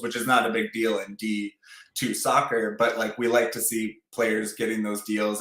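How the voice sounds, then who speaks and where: Bright, chatty man host with a roomy echo. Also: on the low side. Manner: rambling, filler-heavy, chatty. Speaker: podcast host. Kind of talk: casual interview chat. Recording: roomy echoey sound.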